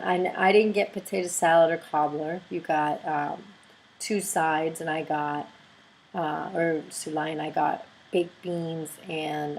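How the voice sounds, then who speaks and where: A woman video blogger telling a story in a casual, excitable and gushing way. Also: low voice, slight background noise, rough recording.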